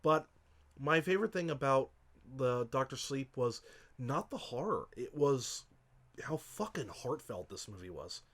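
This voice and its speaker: A man's voice: mid-range voice, sing-song, a little slow, fairly bright tone. Passionate, rambling, swearing male podcaster. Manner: emotional, chokes up. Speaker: podcast co-host. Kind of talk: casual podcast movie review.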